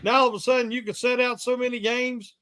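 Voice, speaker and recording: A man co-hosting a sports podcast, giving a measured opinion with frequent pauses and fillers. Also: extremely high pitch, little pitch movement, fairly bright tone, smooth. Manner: measured, hesitant, with many fillers. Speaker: podcast co-host. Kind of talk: casual sports debate.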